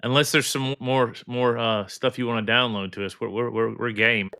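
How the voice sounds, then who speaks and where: A man's voice: medium pitch, level tone, normal speed, gravelly, bright, forceful tone. A male podcast host in casual chat, giving short reactions and steering the talk along.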